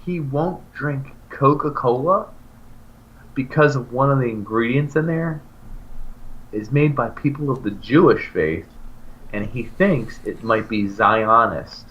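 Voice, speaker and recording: A man co-hosting a podcast, telling ranting stories in casual banter. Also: unhurried. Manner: animated ranting storyteller with big pitch jumps. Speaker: podcast co-host. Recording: slightly dull lo-fi recording.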